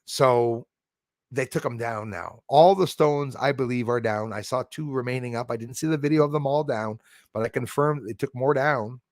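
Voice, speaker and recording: A man's voice: medium pitch, normal speed, no echo, studio quality. A man from Canada hosting a casual livestream, talking in a rambling, heated, blunt way with many restarts. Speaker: livestream host reading chat.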